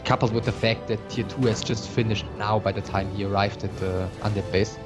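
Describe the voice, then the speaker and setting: A man co-commentating a strategy game match in an analytical way, pausing often with fillers. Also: fairly low pitch, steady tone. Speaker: esports co-commentator. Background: background music.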